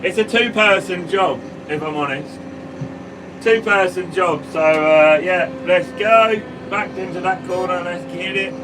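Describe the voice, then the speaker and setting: A man's voice: high-pitched, unhurried. A man, a farmer, chatting casually on a live stream from his sprayer cab and greeting viewers by name. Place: sprayer cab on a farm field. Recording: mic at a distance, vehicle noise.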